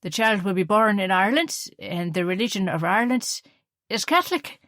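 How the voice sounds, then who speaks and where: A woman's voice: mid-range voice, animated, fairly quick, fairly bright tone, no echo, studio quality, close to an everyday voice. A woman voicing a tipsy, outspoken Irish mother from Kerry, slurring slightly and pushing her views. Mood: bossy, tipsy.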